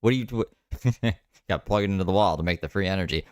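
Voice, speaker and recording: Deep-voiced sarcastic streamer man. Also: fast talker, clear, resonant tone, dry recording. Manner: skeptical, sarcastic, swears freely. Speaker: streamer reacting to a video. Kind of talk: casual reaction commentary.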